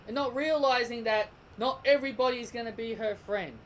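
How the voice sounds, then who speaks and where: A man's voice: very high-pitched, moderate pace, hardly any pauses, fairly bright tone, a little hiss or hum, rough recording. A young man giving a heated, opinionated commentary rant as a vlogger, repeating himself and restarting sentences. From Australia. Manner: heated, repetitive, stumbling restarts. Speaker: wrestling vlogger.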